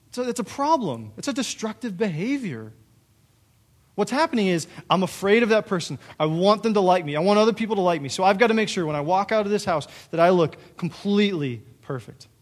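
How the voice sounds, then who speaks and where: A young man delivers a sermon in a fairly high voice. He preaches in a casual, animated way, tossing rhetorical questions at the congregation. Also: a little fast. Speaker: pastor.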